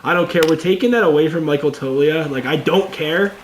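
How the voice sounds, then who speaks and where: A young man giving casual let's-play commentary on a baseball video game, excitable and chatty, talking to his viewers as "boys". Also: a little high, a little fast, echoey room. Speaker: gaming YouTuber.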